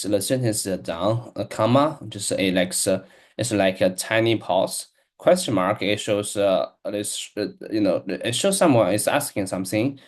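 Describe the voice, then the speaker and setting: A man learning English, reading aloud hesitantly, with many restarts and stumbles over words. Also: lowish voice. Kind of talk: casual reading-aloud practice.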